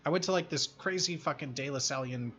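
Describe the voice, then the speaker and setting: Young guy hosting a stream, rambly, lots of likes and ums, kinda high voice. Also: a little fast. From Chicago. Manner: rambling, filler-heavy, excitable. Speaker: stream host interviewing a guest. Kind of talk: casual chat.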